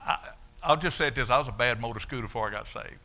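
An older man preaching his testimony in a folksy, animated storytelling way. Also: medium pitch, racing, noisy background. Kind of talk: sermon testimony.

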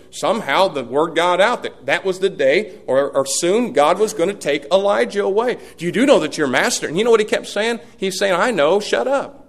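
A middle-aged man preaching a sermon as pastor, folksy, swinging from loud peaks to hushed asides. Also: high-pitched.

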